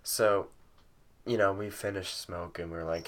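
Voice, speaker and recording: A man's voice: low-pitched, fairly even intonation, normal speed, fairly bright tone. A young man, probably in his late teens, telling a casual story at home, rambling with lots of fillers and swearing freely. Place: at home with a cat nearby.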